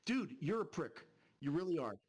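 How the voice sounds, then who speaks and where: Streamer: a man with a high, very lively voice, angrily ranting and cursing on a live stream. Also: normal speed, breathy edge. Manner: angry, profane, repetitive ranting. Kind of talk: heated live-stream rant.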